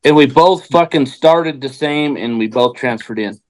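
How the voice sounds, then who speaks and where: A man's voice: medium pitch, normal speed. A man, a race-driver guest on a podcast, talking bluntly with constant swearing and stumbling restarts. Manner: blunt and profane, repeats words as he starts. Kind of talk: casual chat.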